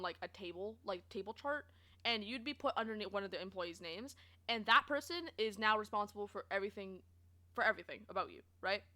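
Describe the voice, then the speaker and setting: A young woman streamer from Canada, casually telling stories to her chat, expressive and swearing freely. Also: mid-range voice. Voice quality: expressive, swears, laughs often.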